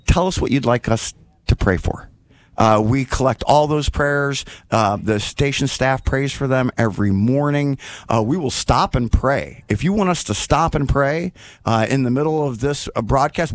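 A man's voice: mid-range voice, no room sound. A man hosting a radio fundraiser in a studio, talking enthusiastically and rambling with many "um"s and "uh"s. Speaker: radio host. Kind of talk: casual fundraising radio chat.

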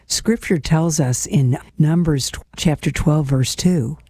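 A woman hosts a devotional program, talking through scripture in an earnest, personal way and addressing her listeners as friends. Her voice is warm and mellow, and the sound is close and dry, with no room around it. Now and then she drops to a soft whisper. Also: sits low, slow pace, no echo. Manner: laughs lightly, sometimes drops to a whisper. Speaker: host of a faith program.

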